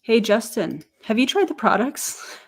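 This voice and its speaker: A woman with a fairly low voice reacts to video clips in a sarcastic, chatty way, breaking in with quick laughs and teasing remarks. She talks as if to her viewers at home. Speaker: commentary host. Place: home, family heard in the background.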